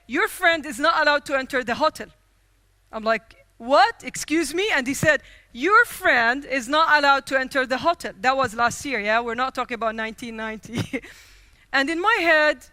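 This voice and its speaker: Female keynote speaker, bright and forceful tone, dry close sound, animated storyteller who acts out quotes. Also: high voice, no room sound. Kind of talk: storytelling speech. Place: conference stage.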